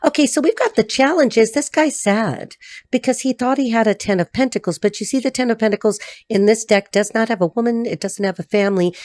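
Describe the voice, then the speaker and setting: A woman's voice: medium pitch, darkish tone, no echo. A woman from the United States giving a chatty, blunt tarot reading, swearing freely as she talks. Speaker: tarot reader. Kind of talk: casual solo tarot reading to camera.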